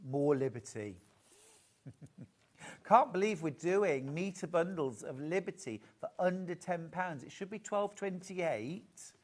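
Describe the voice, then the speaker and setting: Live-selling presenter, slow, gushing, chatty. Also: mid-range voice, lively intonation. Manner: gushing, admiring, chatty asides. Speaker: shopping channel presenter.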